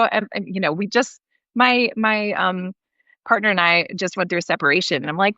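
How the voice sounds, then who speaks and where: A woman's voice: medium pitch, animated, quick pace, bright, forceful tone, dry recording, lo-fi sound. A woman in her forties talking earnestly as a parenting guest in an interview, with many fillers and restarts. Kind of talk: conversational interview.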